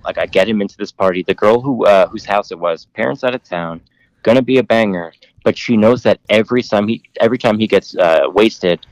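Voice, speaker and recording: A man's voice: fairly low pitch, dry recording, low-quality recording. A man in his thirties, a podcast guest telling a long story in a rambling way, with many fillers and lots of swearing. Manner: rambling, filler-heavy, laughs often, profane. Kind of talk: casual storytelling.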